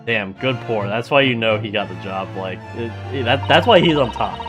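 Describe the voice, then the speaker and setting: A man's voice: fairly low pitch, animated, moderate pace, over music. A man casually commentating a story game, joking and laughing often. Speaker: gamer playing through a story game.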